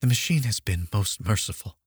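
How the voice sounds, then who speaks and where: A man's voice: fairly low pitch, animated, a little fast, slightly rough, dry recording, clean studio sound. A man reading an audiobook, voicing a stern, dismissive middle-aged mother who questions coldly. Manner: cold, questioning.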